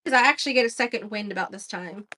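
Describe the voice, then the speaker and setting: A woman chatting casually while sewing, lively and quick to agree. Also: medium pitch. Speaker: guest sewist.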